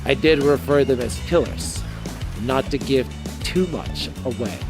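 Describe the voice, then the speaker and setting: A man's voice: medium pitch, unhurried. A male streamer reads a dating game aloud, commenting playfully and trying out character voices. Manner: playful, laughs at his own jokes, tries out character voices. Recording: game music behind voice.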